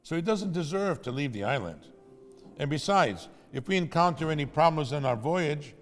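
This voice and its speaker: A man voicing a proud, selfish castaway who insists loudly that his blessings are his alone. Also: fairly low pitch, animated, fast talker, in a large hall, soft background music, close to an everyday voice. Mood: indignant.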